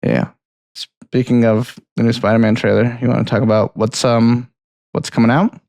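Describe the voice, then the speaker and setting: A man co-hosting a film podcast, chatting casually in a relaxed, rambling way with frequent laughs. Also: medium pitch, moderate pace, gravelly, no room sound. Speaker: podcast co-host. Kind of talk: casual chat.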